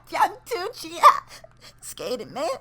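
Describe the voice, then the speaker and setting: A man putting on a squeaky, giggly young skater dude. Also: huge pitch swings, slow, sharp tone, full character voice. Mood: goofy. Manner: giggly, slangy. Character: goofy young male skater dude, laid-back. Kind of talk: joking character voice in a game commentary.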